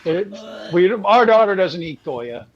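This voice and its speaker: A man in relaxed, chatty banter as co-host of a live comedy stream. His mic sounds dull and lo-fi, with the top end muffled. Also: high-pitched, measured pace.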